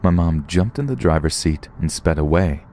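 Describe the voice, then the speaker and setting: A man's voice: low voice, lively intonation, normal speed, mellow. A man narrating true horror stories in a scripted storytelling way. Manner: storytelling, puts on short voices for quoted people.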